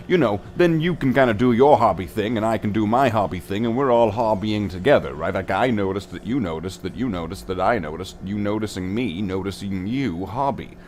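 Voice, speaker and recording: A man's voice: fairly low pitch, darkish tone, slight background noise. Goofy young man chatting while painting. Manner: goofy and playful, sings nonsense and repeats words. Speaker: streamer painting miniatures. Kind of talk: rambling casual livestream chat.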